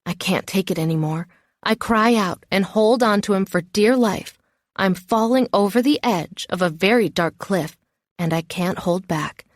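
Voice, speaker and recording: Expressive woman narrating a novel. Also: mid-range voice, moderate pace, no room sound, clean studio sound. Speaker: audiobook narrator. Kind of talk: first-person novel narration.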